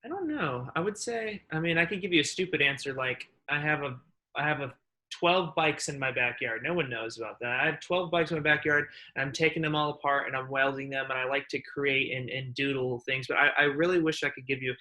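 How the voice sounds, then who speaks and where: A man's voice: mid-range voice, fairly quick, bright, forceful tone. A man who is a podcast guest, speaking casually and hesitantly, searching for words with many restarts. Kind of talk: casual conversation.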